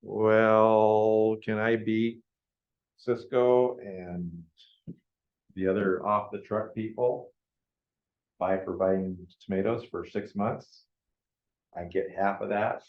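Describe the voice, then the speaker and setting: A man with a fairly low voice runs a business planning workshop for a live group in a meeting room. He talks informally and keeps checking in with his listeners as he goes. The recording is dull and lo-fi, with a noticeable room echo. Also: fairly even intonation, slow pace, long pauses. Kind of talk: informal classroom lecture.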